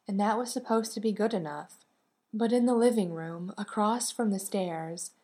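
Woman audiobook narrator, lowish voice, calm and gentle, even pacing. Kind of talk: scripted narration of a romance novel.

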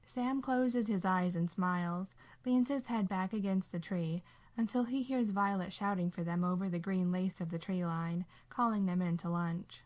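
Calm woman reading a story aloud. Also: fairly low pitch, normal speed. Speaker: narrator. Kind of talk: audiobook reading of fan fiction.

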